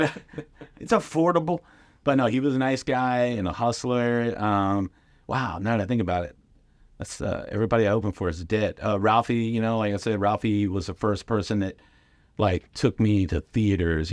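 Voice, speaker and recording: A middle-aged man telling comedy anecdotes casually, with lively impressions and lots of fillers. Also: sits low, no echo. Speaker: guest comedian and radio host. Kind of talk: casual storytelling.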